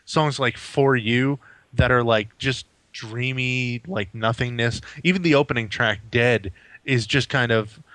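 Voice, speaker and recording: A man's voice: medium pitch, measured pace, fairly bright tone, no room sound. Rambling casual man, dry mic. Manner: rambling, frequent "um" and "like", swears casually. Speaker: podcast co-host. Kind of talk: casual music review chat.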